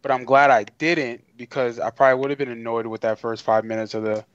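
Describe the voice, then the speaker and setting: A man's voice: mid-range voice, flat delivery, fast talker, fairly bright tone, no echo. Man, casual chat, blunt, irritated, dry, dull lo-fi audio.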